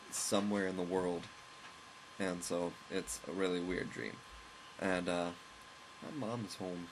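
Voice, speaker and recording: A man casually recounting a long, rambling story at home while commenting on a game, with chuckles and quick asides. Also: fairly low pitch, noisy background. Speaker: let's play host. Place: at home, with a loud pet bird nearby.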